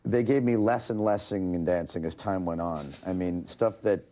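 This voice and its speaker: A man in his forties, a talk show guest, telling animated stories in a casual chat. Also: deep voice, moderate pace. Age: 40s. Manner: animated storyteller, slips into voices. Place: television studio.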